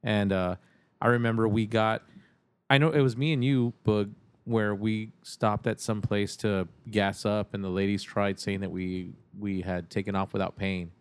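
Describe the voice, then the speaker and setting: Low-voiced man telling a laid-back story. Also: steady tone, normal speed, clean tone. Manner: laid-back, profane, says "man" often. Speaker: podcast guest. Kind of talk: casual storytelling chat.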